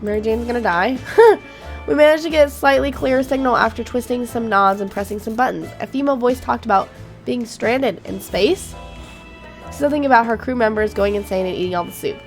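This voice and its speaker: Brisk and a little high-voiced, a woman gaming YouTuber reacts to a game in a chatty way, reading the on-screen text aloud and swearing freely. Faint game music can be heard behind her.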